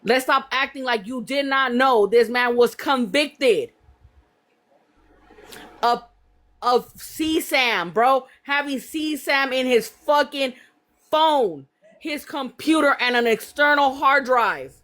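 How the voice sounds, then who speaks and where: A woman's voice: high voice, expressive, slow, a bit bright. Profane, demanding woman host. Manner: profane, demanding, repeats her questions. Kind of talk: confrontational live call.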